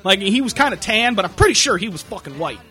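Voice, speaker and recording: Profane, animated young man ranting. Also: sits high, quick pace, slightly rough, soft background music. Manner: profane, animated, yells impressions of people. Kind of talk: casual comedic rant.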